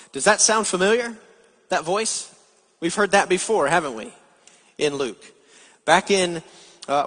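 A man's voice: fairly high pitch, fairly bright tone. A man giving a sermon as pastor, explaining scripture and asking his listeners rhetorical questions. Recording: long hall reverb.

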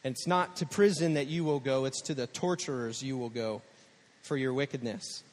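A man's voice: medium pitch, moderate pace, a little mellow, pitched below the performer's own voice, close to an everyday voice. A man voicing a stern master from a parable, scolding a servant in a plain voice with long room echo.

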